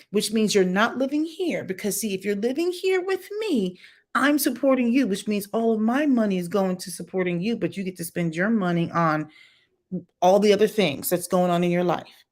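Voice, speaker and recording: Blunt, opinionated woman commentator. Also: mid-range voice. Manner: emphatic, blunt, talks to viewers. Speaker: commentary livestreamer. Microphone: home livestream setup.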